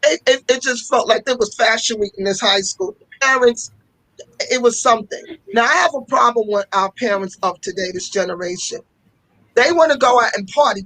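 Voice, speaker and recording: A woman who runs a fashion school tells stories passionately as a guest in a casual interview, often repeating herself for emphasis. Her voice is on the high side and a bit bright, and the recording has no echo but is rough.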